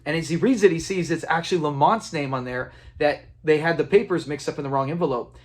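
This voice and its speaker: A man with a slightly high voice talks through a sitcom episode in a loose, conversational recap. He retells scenes, acts out the characters' lines and chuckles along. It sounds like a relaxed solo video commentary. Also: quick pace. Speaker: TV episode reviewer.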